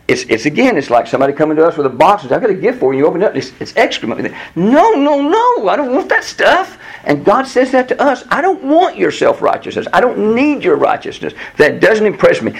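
Gravelly, animated man teaching the Bible. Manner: animated, jumps to a high voice when quoting God. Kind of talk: Bible teaching with class discussion.

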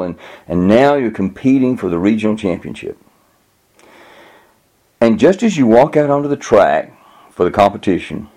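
Gravelly low-voiced man preaching. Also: dark tone. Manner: halting restarts, acts out quoted voices in a raised pitch. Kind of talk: sermon with spoken illustrations.

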